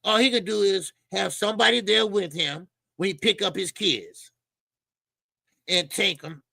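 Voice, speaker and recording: Gravelly, bright-voiced boxing commentator man. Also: high-pitched, fairly even intonation, measured pace, no room sound. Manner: rambling, slangy, heavy with fillers and repeated words. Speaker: boxing channel host.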